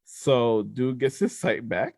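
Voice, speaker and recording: Man, podcast co-host, casual storytelling, low gravelly voice, dry close sound. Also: slow pace, dry recording. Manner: animated storyteller, acts out voices.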